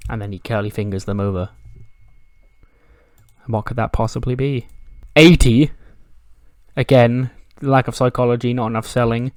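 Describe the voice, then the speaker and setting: A man talks through his wrestling-sim run in a loose, animated style and jumps into the characters' dialogue. His voice sits at an ordinary middle pitch. The recording is dry and close, with no room sound. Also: moderate pace, long pauses, no echo. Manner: animated, acts out the wrestlers' dialogue, swears freely. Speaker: gaming commentator. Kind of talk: casual playthrough narration.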